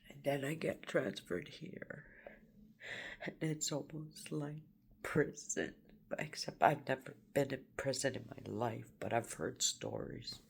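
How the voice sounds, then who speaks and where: Distraught woman, video diary, slow and halting, near tears, with a deep fry in her voice. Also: steady tone. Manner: emotional, halting, sighing and laughing through distress. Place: shelter room.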